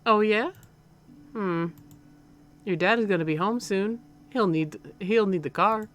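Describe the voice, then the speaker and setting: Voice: mid-range voice, unhurried, fairly bright tone, pitched above the performer's own voice, lightly acted. A streamer voicing a doting, stern middle-aged mother with a slight Southern accent, reading game dialogue aloud. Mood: scolding.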